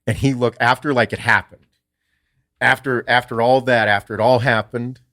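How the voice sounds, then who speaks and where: A man hosting a podcast, telling a story in a casual, animated way and swearing freely. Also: mid-range voice, normal speed. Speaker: podcast host.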